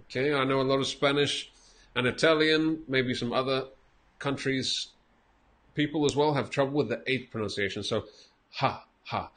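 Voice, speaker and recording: A man's voice: medium pitch, a bit bright. Patient male English teacher. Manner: patient, explains slowly with repeated examples and light laughs. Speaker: English teacher giving feedback. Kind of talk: casual spoken lesson.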